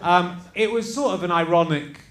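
An English man hosting a live comedy podcast, playful and quick to laugh. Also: high-pitched, fairly bright tone, echoey room. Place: live venue with an audience.

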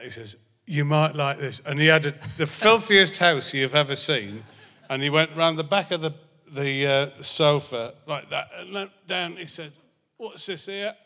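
A man's voice: on the high side, sharp tone. A man as a guest, telling a meandering anecdote and losing his thread, into a handheld mic on a theatre stage. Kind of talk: rambling anecdotal storytelling. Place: theatre stage before a live audience. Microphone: handheld microphone. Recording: reverberant theatre hall.

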